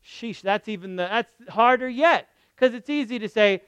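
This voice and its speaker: A man preaching a sermon. He speaks expressively, repeats phrases for emphasis, and swings from loud declarations to near whispers. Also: high-pitched, normal speed, few pauses, clean tone, dry recording. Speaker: pastor.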